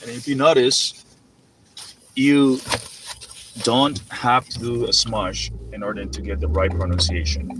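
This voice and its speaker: A man teaching Spanish vocabulary casually while driving, explaining loosely with fillers and slowing down to spell out and repeat examples. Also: mid-range voice, steady tone. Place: inside a moving car. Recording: distant mic with loud road noise.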